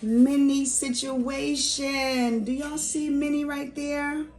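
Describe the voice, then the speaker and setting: A woman's voice: high voice, little pitch movement, slow pace, a little mellow. A woman gushing through a gift unboxing at home, exclaiming and repeating herself. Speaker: vlogger. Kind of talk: unboxing vlog.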